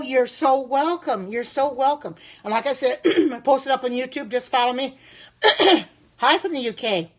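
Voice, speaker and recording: A woman in her sixties chatting on a live stream as a home cook, reacting aloud to viewer comments in a devout, thankful way. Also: on the high side. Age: 60s.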